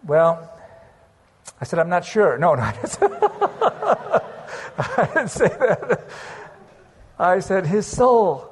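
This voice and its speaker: Male preacher, earnest storyteller, lightly raised pitch, long hall reverb. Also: sing-song, takes it slowly, long pauses, a little hiss or hum. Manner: earnest storytelling, slips into praying aloud. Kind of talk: sermon testimony.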